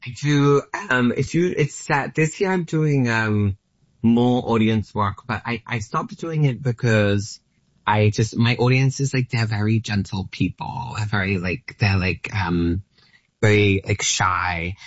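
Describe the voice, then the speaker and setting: A man's voice: on the low side, a little slow, no echo. A man in his late thirties with an Australian accent, chatting as a comedian guest in a rambling, self-deprecating way full of hesitations. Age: late 30s. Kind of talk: casual interview chat. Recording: dull lo-fi dry studio sound.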